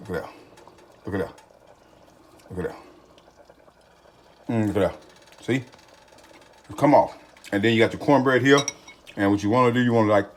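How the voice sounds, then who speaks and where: A man hosting a home cooking video, talking folksy and excitable, with catchphrases aimed at his viewers. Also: mid-range voice, slight background noise. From Texas. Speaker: home cooking channel host. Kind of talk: casual cooking video talk. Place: home kitchen.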